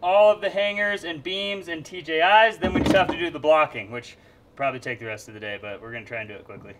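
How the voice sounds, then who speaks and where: A man's voice: fairly high pitch, fast, heavy background noise. A man hosting a vlog, giving upbeat, matter-of-fact updates in casual narration. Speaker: vlog host.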